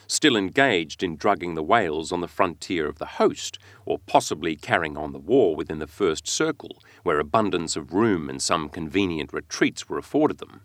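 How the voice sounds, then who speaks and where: A man narrating a classic novel in an expressive, dramatic reading that slows and speeds with the text. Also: low-pitched, no room sound. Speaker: audiobook reader.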